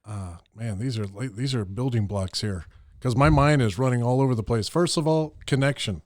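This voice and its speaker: A man's voice: medium pitch, normal speed, darkish tone, no room sound. A man hosting a podcast interview, enthusiastic and eager to sum up and connect his guest's ideas. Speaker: podcast host. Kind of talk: casual interview talk.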